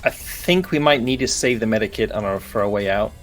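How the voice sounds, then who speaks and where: A man's voice: lowish voice, a little fast, fairly bright tone, soft background music. A man as a player, thinking aloud with many fillers during a tabletop game. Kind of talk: tabletop role-play chat.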